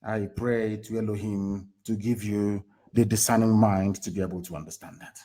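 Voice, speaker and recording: A man's voice: fairly even intonation, moderate pace. Fiery Nigerian man rallying listeners. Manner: emphatic, fires rhetorical questions at listeners; shifts abruptly between loud bursts and low asides. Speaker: movement leader. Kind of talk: impassioned live political address.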